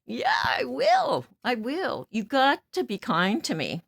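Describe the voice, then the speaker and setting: A woman's voice: on the high side, wildly swooping pitch, slow, creaky, husky, dry recording. A woman in her seventies venting in a blunt, stern, outspoken way, breaking into laughs between remarks. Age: 70s. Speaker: vlogger. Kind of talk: casual venting monologue.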